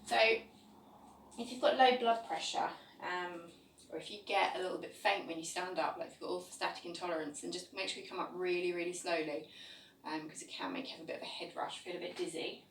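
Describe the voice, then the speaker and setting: A woman teaching a yoga class, calmly cueing each pose step by step. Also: lowish voice, brisk, slight background noise. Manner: calm step-by-step cueing of poses. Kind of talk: guided yoga class instruction. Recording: echoey room, voice from a distance, faint ambience.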